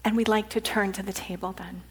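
A woman pastor preaching a sermon, often dropping to a hushed whisper. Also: medium pitch, steady tone, a little fast, husky.

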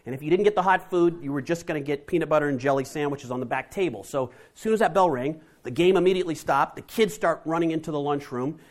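A man telling a family story to an audience, animated and lively. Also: a little high, fast talker, hardly any pauses. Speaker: speaker.

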